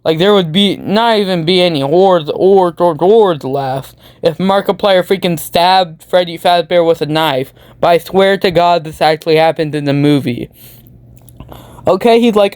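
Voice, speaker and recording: A woman's voice: on the low side, normal speed, darkish tone, dry recording. A woman giving a goofy, rambling comedic movie recap full of meme slang. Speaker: YouTube commentator.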